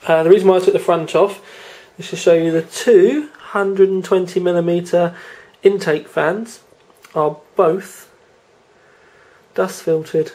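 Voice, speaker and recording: A man's voice: high-pitched, steady tone, measured pace, a little mellow. A man hosting a casual tech review, chatting informally while he handles the product and films it with a handheld camera indoors. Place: indoor room.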